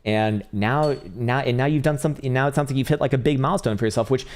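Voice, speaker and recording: A man hosting a live stream, casually talking through charts, thinking aloud and swearing freely. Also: fast. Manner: bursts into excited, high-pitched cheering. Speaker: livestream host answering chat about crypto charts.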